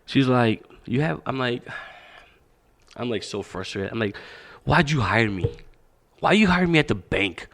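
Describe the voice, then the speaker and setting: A man guest on a podcast, a fitness and boxing coach, telling a story in casual, animated talk with plenty of swearing and acted-out dialogue. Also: medium pitch, measured pace.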